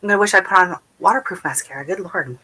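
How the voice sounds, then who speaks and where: A woman's voice: lowish voice, quick pace, husky. Chatty woman hosting a livestream. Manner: rambling, warm chatter full of fillers and restarts. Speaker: gardening channel host. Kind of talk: casual livestream chat, reading viewer comments. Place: at home.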